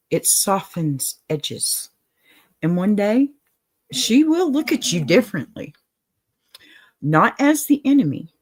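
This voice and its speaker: Slow, low-voiced woman giving gentle advice. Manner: gentle, reassuring, apologetic asides. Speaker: advice show host. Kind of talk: casual advice talk to a viewer. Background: dog in the room.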